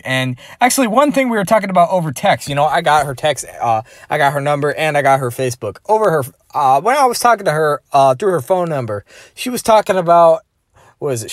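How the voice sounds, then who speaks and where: This man's voice sits on the high side, captured in clean studio sound with no echo. His vlog is a rambling, crude, profane monologue about himself, padded throughout with filler.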